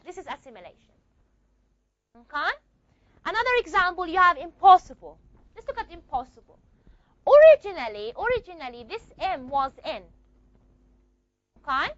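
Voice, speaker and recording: High, lively woman teaching phonetics. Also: dry recording. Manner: asks questions and answers them herself; stretches key words slowly. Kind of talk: classroom lecture. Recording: dull lo-fi recording.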